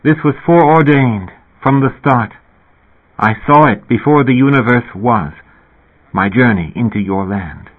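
An impassive, all-knowing boy, as a man voices him. He speaks in a slow, solemn, measured way with a husky tone. The sound is thin and phone-like. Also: mid-range voice, voice pushed up.

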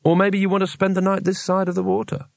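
A man voicing a brisk, commanding woman leader in an audiobook reading. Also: on the high side, no echo, natural voice.

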